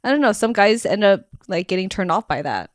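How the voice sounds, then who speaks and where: A woman's voice: medium pitch, sing-song, a little fast, no room sound, clean studio sound. A woman co-hosting a podcast with her husband, talking chattily with lots of fillers. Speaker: podcast co-host. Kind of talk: casual chat.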